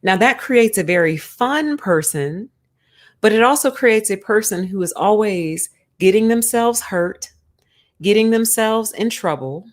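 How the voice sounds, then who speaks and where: A woman streamer giving casual spiritual commentary in an emphatic, conversational way. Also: medium pitch.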